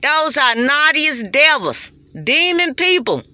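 A woman's voice: high-pitched, big pitch swings, slow, pushed and bright, no echo. A woman, giving an impassioned, preachy monologue straight to her phone. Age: 40s. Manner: preachy, emphatic and repetitive. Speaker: vlogger.

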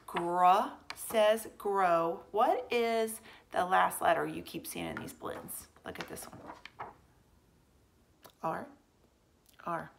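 Gravelly-voiced woman teaching phonics slowly. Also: on the low side, expressive, noisy background. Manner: slow, drawn-out sounding of letter blends; encouraging, asks the child questions. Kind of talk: remote phonics lesson for young kids.

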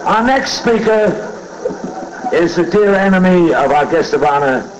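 Brash older roast master, lo-fi. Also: male voice, high voice, animated, measured pace, noisy background. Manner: brash, profane joke-telling. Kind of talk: stand-up roast emceeing. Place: banquet hall dais.

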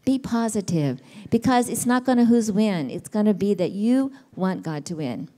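A woman's voice: mid-range voice, expressive, moderate pace, dark tone. Middle-aged woman, church teacher, conversational, questions to the audience. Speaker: women's ministry teacher.

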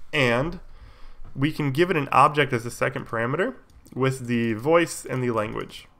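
A man with a cold talks through code on a live stream at a mid-range pitch. He explains step by step in a relaxed, easygoing way, with plenty of fillers along the way. Keyboard clicks sound behind him. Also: measured pace. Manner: relaxed, explains while typing, many fillers. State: has a cold, coughing. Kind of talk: casual live coding tutorial.

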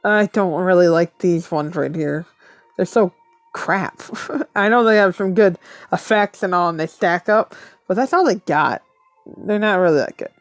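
A woman's voice: fairly low pitch, unhurried, no room sound, faint music behind. Woman, casual gameplay commentary, muttering to herself, laughs often, dry close sound. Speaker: mobile game player.

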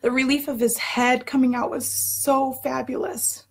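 A woman in her thirties tells a personal story with a breathy, husky edge to her voice. Her pitch sits a little high, and she is candid and expressive, acting out her own outbursts as she goes. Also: a little slow.

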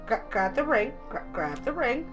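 A woman's voice: fairly high pitch, very animated, moderate pace. Giggly young woman giving game tips. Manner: giggly, bossy instructions, frequent laughter. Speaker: friend coaching the player. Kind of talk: casual let's-play chat. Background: game music.

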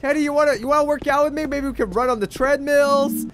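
A young man doing goofy, excitable game commentary, talking to his teddy bear as he plays. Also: very high-pitched, fast talker, noisy background. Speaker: gaming YouTuber.

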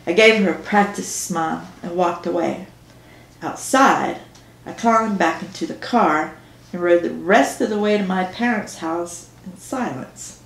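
A woman's voice: fairly low pitch, a little slow, creaky. A woman author reading her own novel aloud in first person, with dry storytelling. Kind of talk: audiobook narration. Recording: roomy echo.

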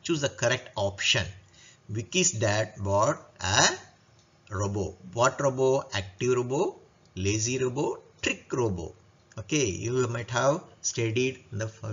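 A man teaching a lesson, slowly repeating questions and answering them himself. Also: medium pitch, fairly bright tone. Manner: slow, repetitive, asks and answers his own questions. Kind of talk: classroom lesson walkthrough. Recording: dull lo-fi recording.

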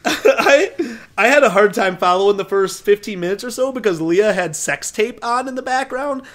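Man, high pitch, animated, jokey, casual podcast chat. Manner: animated, jokey, quick to laugh. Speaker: podcast co-host. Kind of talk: casual movie review chat.

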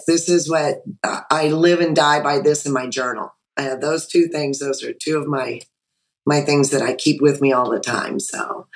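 Her voice sitting low on a rough recording, a middle-aged woman on a video call shares her personal story casually, with real feeling. She gets animated and emotional, performing her own past quotes.

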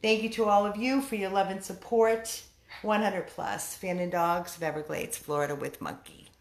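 A woman volunteering at a dog rescue, giving a casual video update to followers and slipping into high baby talk with a dog. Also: fairly even intonation, moderate pace, vocal fry.

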